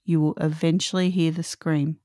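A woman's voice: low-pitched, flat delivery, normal speed, mellow, no room sound, studio quality. A middle-aged woman hosting a solo podcast, earnest and emphatic, repeating her key points. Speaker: podcast host.

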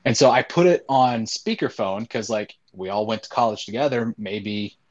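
A man's voice: lowish voice, normal speed, highs cut off. A man in his twenties telling a long personal story in casual talk, rambling with many fillers.

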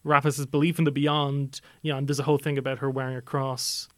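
A man's voice: medium pitch, little pitch movement, fast, no echo, studio quality. A young adult man co-hosting a podcast, talking through a film in a casual, analytical way with many filler phrases. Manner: chatty, analytical, many "you know" fillers. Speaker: podcast co-host.

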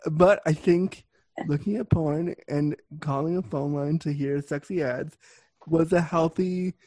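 A young man with a slightly raised pitch hosts a casual podcast chat. He talks bluntly and crudely, joking as he goes. His voice sits dry and close on the mic. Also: fairly even intonation, measured pace, dark tone, no room sound. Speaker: podcast host.

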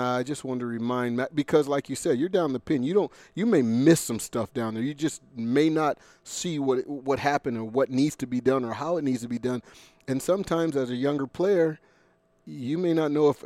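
A man's voice: mid-range voice, a little fast, dark tone, dry recording. A man, a former player, talking earnestly in a casual chat and repeating himself for emphasis.

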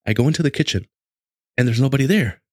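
A man in his late twenties casually telling a story in a lively, conversational way, with lots of restarts. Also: mid-range voice, quick pace, slightly rough, dry recording, studio quality. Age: late 20s.

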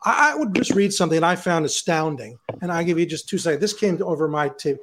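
A man's voice: on the high side, animated, quick pace, a bit bright, slight background noise. A man giving emphatic, lecturing market commentary on a panel show, building each point step by step. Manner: repeats words when starting a sentence. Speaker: market technician, show regular.

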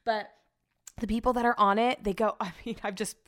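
A woman's voice: on the high side, fairly even intonation, fairly quick, fairly bright tone. A woman hosting her podcast alone, rambling in casual chat and swearing now and then. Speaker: podcast host.

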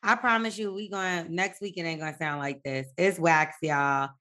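A woman's voice: fairly low pitch, steady tone, moderate pace, sharp tone. A young adult woman co-hosting a podcast in casual chat, blunt and joking. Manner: blunt, joking, talks frankly about sex. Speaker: podcast co-host.

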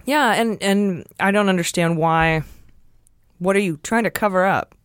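A woman's voice: mid-range voice, a little slow, smooth, no room sound. A woman co-hosting a political podcast, talking casually in a blunt, profane, sarcastic way. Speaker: podcast co-host.

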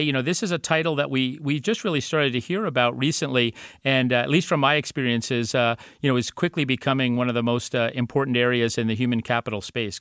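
A man hosting a podcast interview, polite and gracious, with many filler pauses as he frames his questions. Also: mid-range voice, fairly bright tone, clean tone, dry recording, clean studio sound. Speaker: podcast host.

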